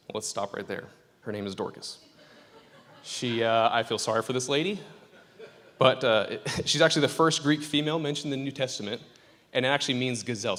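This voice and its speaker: A man's voice: medium pitch, a bit bright. A man preaching a casual, joking sermon in a church. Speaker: pastor. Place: church sanctuary. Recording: church hall reverb.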